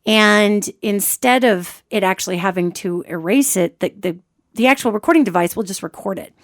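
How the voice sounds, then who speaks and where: A woman hosting a podcast, giving lively, chatty advice in a casual instructive way. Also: medium pitch, normal speed, no room sound, studio quality. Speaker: podcast host.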